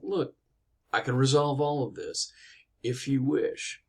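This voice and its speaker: A man's voice: medium pitch, expressive, slow pace, gravelly. Old woman bargainer, played by a man telling the tale, plain-spoken and persuasive, insistent. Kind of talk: casual storytelling.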